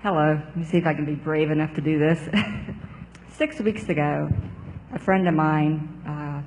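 A man's voice: on the high side, steady tone, a little mellow, a little hiss or hum. Nervous man in an echoing hall. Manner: nervous, quick testimony with fillers. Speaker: audience member.

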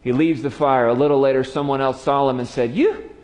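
A man's voice: mid-range voice, level tone, fast talker. Brief: male preacher, mid-range voice, dramatic storyteller, long hall echo. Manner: storytelling, dramatic drops to quiet. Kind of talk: sermon.

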